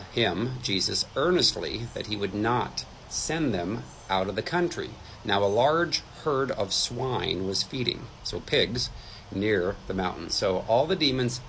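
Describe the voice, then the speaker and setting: A man's voice: lowish voice, gravelly, a bit bright, a little hiss or hum, poor audio. A man teaching from the Bible like a sermon, reading passages aloud and adding his own asides. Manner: reads scripture aloud with asides, some hesitant fillers. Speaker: deliverance minister.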